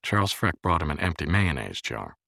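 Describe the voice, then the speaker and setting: A man reading a novel aloud as audiobook narration, measured and expressive. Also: very deep voice, creaky, no echo, studio quality.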